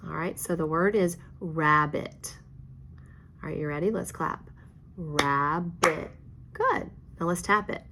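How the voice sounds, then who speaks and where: A woman's voice: on the low side, a little slow. A woman teacher giving a reading lesson, patient and encouraging, praising each answer. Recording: faint background noise.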